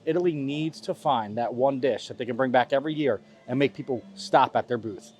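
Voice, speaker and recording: A man's voice: mid-range voice, fairly quick, a little mellow, faint music behind. A young man hosting a casual food review vlog outdoors at a festival, complaining in a playful, dramatic way. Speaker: vlog host. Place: outdoors at a theme park festival.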